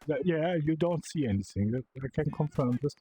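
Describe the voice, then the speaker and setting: A young man giving live commentary while playing a game, excitable and swearing as he yells at the bots. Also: fairly high pitch, fairly quick, breathy edge, rough recording. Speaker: VR gameplay creator.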